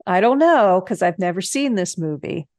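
A woman's voice: mid-range voice, expressive, darkish tone, dry recording, clean studio sound. A woman co-hosting a podcast, chatting casually about a movie with easy amusement. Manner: chatty, amused, quick to laugh. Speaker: podcast co-host. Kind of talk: casual movie recap chat.

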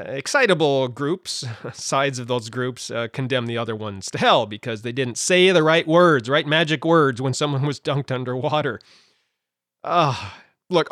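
A man's voice: mid-range voice, moderate pace, a bit bright, no echo, studio quality. A man hosting a podcast, explaining a Bible topic in a casual, conversational way with lots of fillers and asides. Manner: conversational, many fillers and asides, laughs at own points. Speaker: podcast host.

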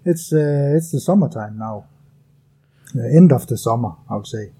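A Danish man speaks English as his second language, answering carefully with frequent pauses and fillers. His voice is very dark and mellow, with a husky edge. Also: medium pitch, lively intonation. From Denmark. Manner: hesitant, many uh fillers, careful phrasing. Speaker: guest, bow hunter. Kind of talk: casual interview.

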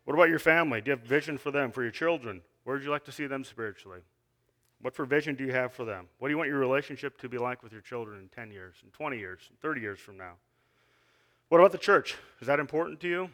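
A man's voice: medium pitch, fast talker, fairly bright tone. A man giving an earnest sermon, reading scripture and asking the listeners questions, with frequent restarts. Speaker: lay preacher.

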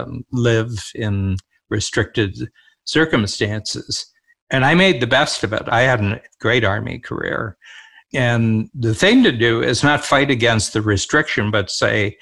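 A man's voice: on the low side, vocal fry, a bit bright. An older man, a co-host, talking in a reflective, storytelling manner in a casual conversation.

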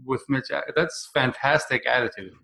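A man's voice: mid-range voice, normal speed, vocal fry, sharp tone. A man with a mid-range voice hosts a podcast interview. He keeps his turns brief, asking questions and answering with supportive agreement. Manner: affirming, brief responses. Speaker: podcast host.

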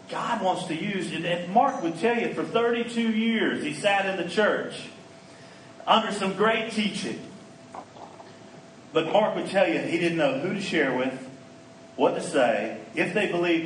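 A man preaching at a conference, telling a story with lively energy and slipping into the voices of the people in it. His voice sits a little high for a man. It sounds roomy and a bit distant, with a faint hum behind it. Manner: animated storyteller who acts out quoted lines. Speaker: conference speaker and trainer. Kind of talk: storytelling sermon. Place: conference hall. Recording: echoey hall, mic at a distance, faint background noise.

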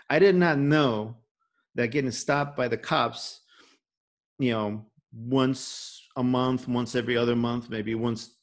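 A man with a Chicago accent hosting a casual podcast chat, talking with many fillers and repeated words. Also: mid-range voice. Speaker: podcast host.

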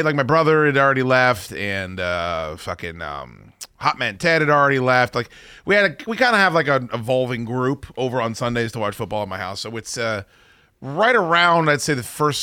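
A male talk show host telling a story in a casual, wry, profane way. His pitch swings widely and his tone is bright and forceful. The sound is close and dry. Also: dry recording.

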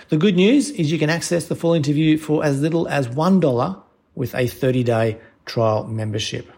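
A man's voice: mid-range voice, a little mellow. A man hosting a podcast, reading promos and a guest introduction in an upbeat way. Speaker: podcast host.

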